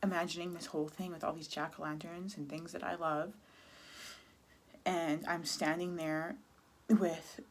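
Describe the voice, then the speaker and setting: A woman from Canada in her thirties, talking candidly and haltingly about her depression in a personal vlog, close to tears. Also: low voice, little pitch movement. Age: 30s. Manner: candid, halting, many restarts and fillers. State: sad, near tears. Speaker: vlogger.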